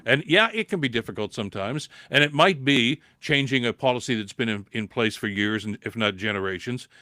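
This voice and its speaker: Canadian guy hosting a live political podcast, fired up, keeps repeating himself, throat a bit dry from a cold, mid pitch, dry close mic. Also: fairly quick, sharp tone, no echo. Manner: impassioned, repeats words, rising to emphatic peaks. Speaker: podcast host reading viewer comments. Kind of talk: live political call-in commentary.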